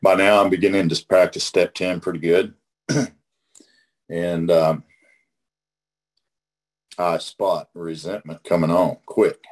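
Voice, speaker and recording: A man's voice: low-pitched, flat delivery, takes it slowly, long pauses. A middle-aged man from Oklahoma leading a recovery study in a casual teaching talk. He is folksy and emphatic and repeats phrases for emphasis.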